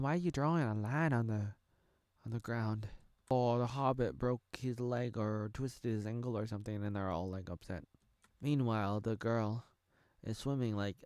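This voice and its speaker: A man's voice: lowish voice, a little mellow, clean tone, no room sound. Thirties guy from the us rambling through a show recap, cracking jokes, dry close sound. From United States. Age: 30s. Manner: rambling, jokey, thinking aloud. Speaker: reaction video creator. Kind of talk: casual reaction commentary.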